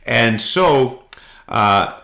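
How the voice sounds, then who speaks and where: A middle-aged man from Canada, co-hosting a podcast and telling animated anecdotes in casual chat. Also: medium pitch, extremely slow, gravelly. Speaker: podcast co-host.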